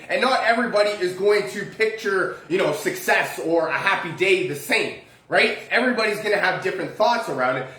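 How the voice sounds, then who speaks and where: A man's voice: high-pitched, bright, forceful tone, roomy sound. A man giving a casual motivational talk, rambling with frequent tag questions and chuckles. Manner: rambling, frequent "right?" tags and restarts; chuckles often while talking. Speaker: self-help speaker.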